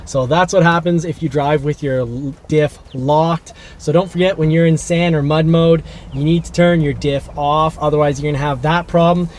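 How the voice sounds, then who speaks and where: A man's voice: a little high, steady tone, normal speed, few pauses, a little mellow. A man hosting his car channel, talking casually and practically, joking now and then. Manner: chatty, practical, joking asides. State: out of breath after shoveling. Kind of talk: casual outdoor vlog narration. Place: outdoors at a beach by a vehicle. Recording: noisy outdoor recording.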